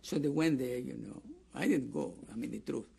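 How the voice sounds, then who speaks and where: Gravelly old Greek-accented man telling stories. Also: medium pitch, normal speed, mellow. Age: older. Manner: rambling storytelling with many restarts, acts out quoted dialogue. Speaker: interviewee, camp survivor. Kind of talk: oral history testimony.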